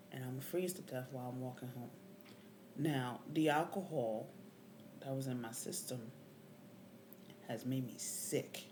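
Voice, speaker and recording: Her voice rumbles low over a little hiss or hum as this woman vlogger casually relates a story. Indignant and swearing, she frequently rises sharply, nearly yelling at times.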